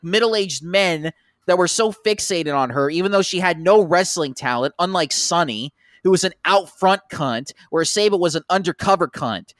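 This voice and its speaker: A man's voice: fairly high pitch, fairly bright tone, dry recording, clean studio sound. A man ranting and cursing in casual podcast chat, acting out the people he quotes.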